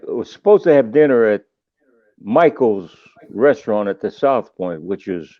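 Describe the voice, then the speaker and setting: Older man telling animated stories. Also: on the low side, no echo, lo-fi sound. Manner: animated and emotional, voice jumps up in excitement. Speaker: guest musician. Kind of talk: storytelling in a podcast interview.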